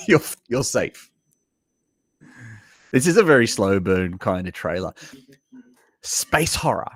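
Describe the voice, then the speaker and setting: Speaking slowly with long pauses, this Australian man has a lowish voice and no room sound in the recording. On his casual live stream he reacts to trailers, chatting away to viewers and tossing in lively asides.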